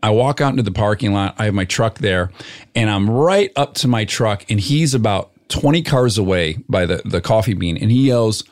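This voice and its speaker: A middle-aged man telling a story in casual chat, animated and acting out what people said. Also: lowish voice, moderate pace. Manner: animated storyteller, acts out quoted shouting.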